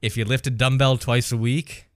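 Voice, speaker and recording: A woman's voice: rumbling low, fairly even intonation, moderate pace, dry recording. A woman co-hosting a casual movie podcast, teasing her co-host in a dry way.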